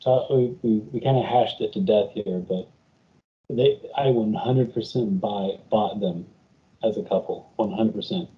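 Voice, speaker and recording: A man's voice: fairly low pitch, a little slow. A man co-hosting a casual chat, giving emphatic opinions with stumbling restarts. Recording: dull lo-fi sound.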